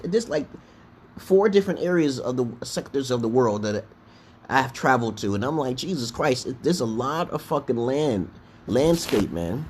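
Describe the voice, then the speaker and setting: A man's voice: a little high, sing-song, a little slow, darkish tone, a little hiss or hum. A man from Brooklyn, hosting a casual livestream and telling a rambling, profane story full of restarts. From Brooklyn, New York, USA. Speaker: livestream host.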